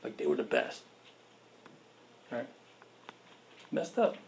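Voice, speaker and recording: A man's voice: mid-range voice, wildly swooping pitch, slow pace, creaky, a little mellow, a little hiss or hum. A man preaching a sermon in a casual, conversational way, with slang and rhetorical questions to the listeners.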